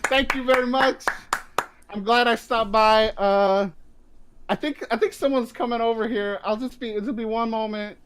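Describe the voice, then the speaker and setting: A man's voice: very high-pitched, fairly even intonation, moderate pace, noisy background. A man voicing a cocky young male superhero with a put-on Brooklyn accent, breezy and laid-back.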